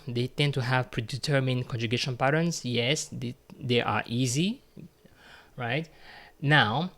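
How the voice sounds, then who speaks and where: A man teaching a grammar lesson in a patient, step-by-step way, pausing on fillers and repeating points. His voice sits at a middling pitch and is recorded close to the mic. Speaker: French teacher.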